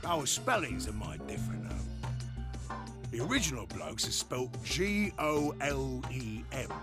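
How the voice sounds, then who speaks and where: A Cockney robot, lively and cheeky. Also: male voice, medium pitch, measured pace, over loud music. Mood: chummy. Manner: slangy, chummy, grumbles about his personality. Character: chatty male Cockney robot, grumbling and cheeky. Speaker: video game character.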